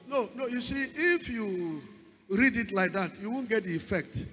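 A man preaching a sermon with dramatic swells and drawn-out stressed words. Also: high voice, expressive, fairly bright tone, in a large hall, faint music behind.

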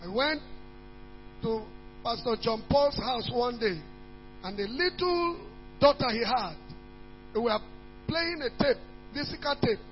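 A man's voice: very high voice, unhurried, long pauses. A man preaching a sermon as pastor, emphatic and repetitive, stressing words and reading scripture aloud. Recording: dull lo-fi church recording in a reverberant hall with faint music and hum.

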